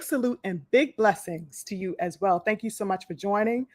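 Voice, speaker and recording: A woman's voice: mid-range voice, moderate pace, few pauses, dry recording, clean studio sound. A woman hosting a live podcast, talking casually with lots of fillers and restarts. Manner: chatty, many fillers and restarts, greets viewers by name. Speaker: podcast host. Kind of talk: casual live-stream talk.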